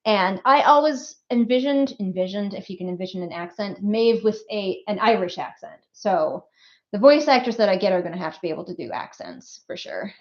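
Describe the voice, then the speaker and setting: A woman hosting a casual livestream as an author, chatty and quick to laugh, full of little asides. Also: medium pitch. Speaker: author hosting a book release stream. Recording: slightly muffled stream audio.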